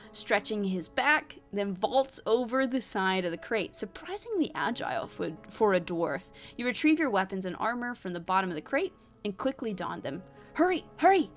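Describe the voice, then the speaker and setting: Hesitant woman reading an adventure. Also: medium pitch. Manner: hesitant, thinks aloud with fillers and sighs. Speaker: solo tabletop game player. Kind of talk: reading a solo adventure aloud with asides.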